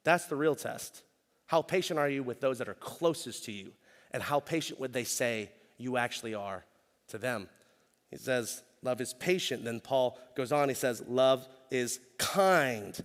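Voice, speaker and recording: A middle-aged man, preaching a conversational sermon as pastor and telling stories in animated slang. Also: medium pitch, unhurried, long reverb tail. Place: church stage.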